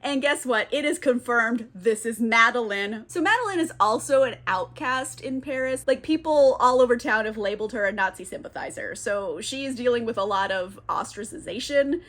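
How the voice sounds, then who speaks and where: A woman's voice: a little high, expressive, normal speed, few pauses, fairly bright tone. Chatty young woman recapping a show. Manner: chatty, frequent "like" fillers, casual swearing. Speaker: TV recap vlogger. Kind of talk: casual recap commentary.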